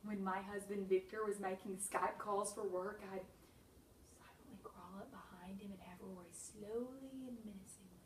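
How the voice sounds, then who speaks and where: A woman reading her own humorous memoir with wry, deadpan comic timing and sudden bursts. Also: a little high, moderate pace, echoey room, far from the mic, poor audio.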